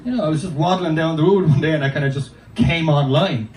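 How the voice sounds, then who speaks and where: A man's voice: a little high, fast. A man performing a stand-up comedy set, telling rambling, sweary anecdotes in a loose, chatty way. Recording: roomy, distant, noisy live recording.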